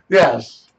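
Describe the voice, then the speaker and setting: A man's voice: very high-pitched, lo-fi sound. A man chatting casually as a player in a tabletop game, playful and laughing often.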